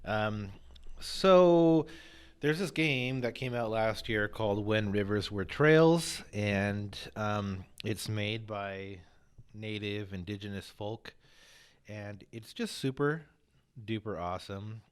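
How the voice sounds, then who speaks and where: A man talks as a podcast guest in a fairly low voice. His manner is relaxed and jokey, and he explains things with plenty of fillers. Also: takes it slowly, clear, resonant tone. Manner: relaxed and jokey, chewing crackers at times. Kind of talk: casual interview chat.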